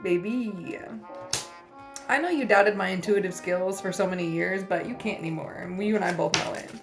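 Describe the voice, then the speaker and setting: A woman talks straight to camera through a spiritual reading, blunt and teasing, with plenty of swearing mixed into her tough love. Her voice sits at an ordinary middle pitch. Faint music plays softly behind her. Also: moderate pace. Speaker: tarot reader.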